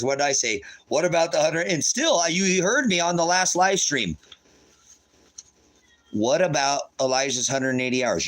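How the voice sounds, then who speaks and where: A man's voice: mid-range voice, a bit bright. A man angrily ranting on his livestream while reading court papers aloud, swearing and repeating himself. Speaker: livestream host. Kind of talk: agitated livestream rant.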